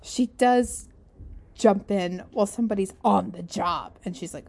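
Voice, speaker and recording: A woman's voice: medium pitch, unhurried, creaky. A woman co-hosting a casual book-discussion podcast, telling stories with giggles. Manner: giggly, animated storytelling. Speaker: podcast co-host.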